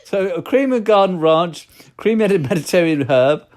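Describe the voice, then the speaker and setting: An English podcast co-host from the United Kingdom has a high, expressive, darkish voice at normal speed. In casual chat he reads lists aloud and cracks jokes, slipping into a mock cockney voice.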